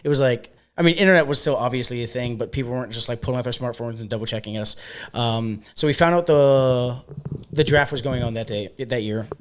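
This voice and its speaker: A young man hosting a podcast in a bar, telling stories in a loose, profane and animated way. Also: mid-range voice, a little fast. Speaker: podcast host, bartender. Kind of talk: casual storytelling chat.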